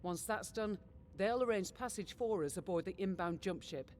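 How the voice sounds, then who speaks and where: An actress playing a brisk female mercenary executive officer who briefs her commander in a crisp, matter-of-fact game voiceover. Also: medium pitch, darkish tone, slight background noise, close to an everyday voice. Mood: businesslike. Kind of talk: game voice acting.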